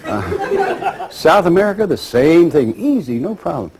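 Brisk, pushy salesman, put on by a man: mellow, husky tone, rattles off the pitch. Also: big pitch swings, exaggerated voice. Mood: eager. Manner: quick, breezy sales patter. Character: brisk pushy male salesman, fast-talking dealmaker.

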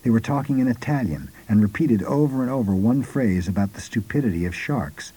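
A man giving a scripted first-person narration in a measured, unhurried way. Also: mid-range voice, lively intonation, warm tone, slightly rough, poor audio.

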